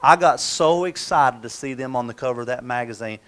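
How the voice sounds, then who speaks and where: Speaking fairly quickly in a mid-range, somewhat bright voice, a middle-aged man delivers a live motivational talk. He tells folksy stories as a motivational speaker and performs the quoted voices of the characters.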